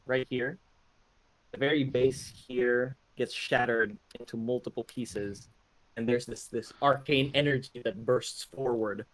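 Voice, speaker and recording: A man's voice: medium pitch, no echo, rough recording. Man narrating as game master. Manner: descriptive, relaxed with fillers.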